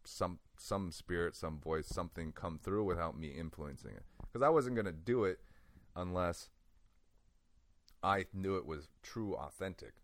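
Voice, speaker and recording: In this clip, a male guest with a very low voice shares a personal story loosely and animatedly, laughing a lot and peppering his speech with "like". It's a close, dry recording with no room sound.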